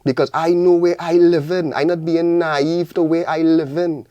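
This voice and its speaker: A man's voice: a little high, fairly even intonation, moderate pace, mellow, clear, resonant tone. A young man with a strong Trinidadian accent speaks in a radio studio. He drives his points home with passionate, repeated rallying lines, and the dry room adds no echo. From Trinidad and Tobago. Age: young adult. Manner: passionate, preachy, repetitive rallying calls. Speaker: guest artist. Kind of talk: radio interview.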